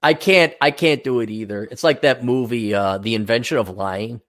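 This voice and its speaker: A man's voice: medium pitch, normal speed. A man co-hosting a casual talk show, blunt and profane, rambling and slipping into mocking voices. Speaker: podcast co-host. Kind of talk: casual chat.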